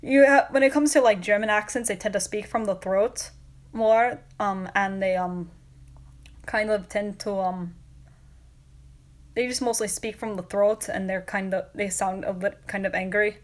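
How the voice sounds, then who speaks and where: Woman streamer, casual chat, rambling and giggly, mid-pitched voice. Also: fairly even intonation, moderate pace. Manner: rambling, many fillers and restarts, giggly. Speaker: livestream host. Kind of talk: casual livestream chat answering viewers.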